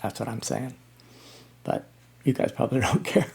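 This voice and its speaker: A man in his sixties talking casually as he reacts to music, halting with frequent ums and restarts. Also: medium pitch, fairly even intonation, creaky, a little mellow, slightly rough. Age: 60s. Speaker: reaction channel host.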